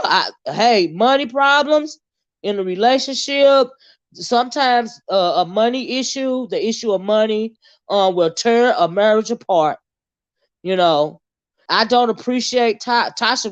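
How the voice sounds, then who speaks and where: A woman's voice: fairly high pitch, no room sound, lo-fi sound. A woman hosting a casual live-stream commentary, sassy, blunt and profane as she talks to her viewers. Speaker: host.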